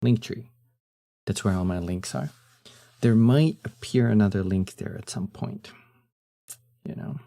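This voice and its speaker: This is a young man's relaxed live-stream chat, his voice deep and husky like he just woke up. He's a little slow and pauses often, trailing off with fillers, and his tone stays warm.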